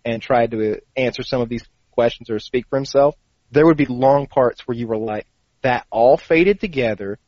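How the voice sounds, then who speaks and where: A man's voice: mid-range voice, darkish tone, dry recording. Chatty man, profane, on a dull lo-fi mic. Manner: rambling, profane storytelling with quoted asides. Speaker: podcast co-host. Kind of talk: casual chat. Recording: dull lo-fi dry sound.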